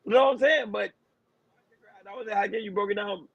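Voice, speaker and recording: A man hosting a podcast in casual chat, animated, laughing and slangy. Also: high-pitched, normal speed, gravelly, no room sound. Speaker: podcast host. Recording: dull, dry recording.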